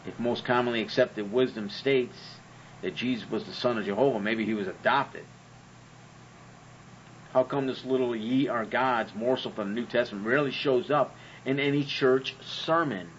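A man's voice: mid-range voice, normal speed, a little hiss or hum. Man, host, sarcastic profane monologue, dull audio. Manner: sarcastic and profane, uses rhetorical questions. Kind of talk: comedic monologue on religion.

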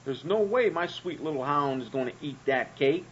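A man's voice: on the high side, animated, normal speed, muffled recording, slight background noise, lightly acted. Man as a smug, trusting dog owner, own voice.

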